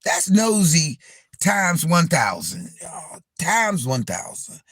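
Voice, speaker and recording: Man, live-stream host, slightly high voice, dry close sound, repetitive profane storytelling. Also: takes it slowly, husky, dry recording. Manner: animated, repetitive and profane, addressing viewers as y'all. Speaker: livestream host.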